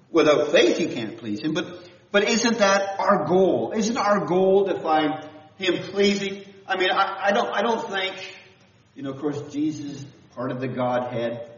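A man from Canada preaching a conversational sermon, full of restarts and questions to his listeners. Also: a little high. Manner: animated, with frequent restarts and questions to the audience. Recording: echoey room from a distance, dull sound.

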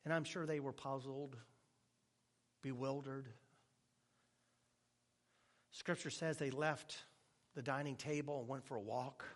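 A male pastor preaching a sermon with animated delivery and joking asides, at times dropping to a hushed tone. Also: medium pitch, unhurried, long pauses.

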